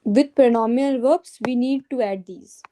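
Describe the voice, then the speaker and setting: A woman's voice: fairly high pitch, moderate pace, dark tone, slight background noise, low-quality recording. A woman teaching a French grammar lesson to a student, patiently repeating each conjugation aloud.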